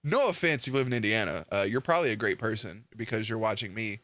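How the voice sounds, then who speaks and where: A man's voice: lowish voice, quick pace, sharp tone, dry recording. A young man giving casual, blunt reaction commentary to a video, swearing freely and joking.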